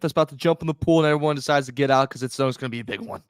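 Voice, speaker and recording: A man co-hosting a sports podcast, energetic and loudly rallying. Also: mid-range voice, racing, few pauses, smooth, dry recording, studio quality. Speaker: podcast co-host. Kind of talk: casual podcast chat.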